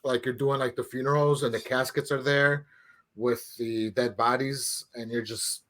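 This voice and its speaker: A man's voice: medium pitch, fairly even intonation, normal speed, fairly bright tone. A man in casual podcast chat, telling loose, laid-back stories with plenty of swearing. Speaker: podcast guest.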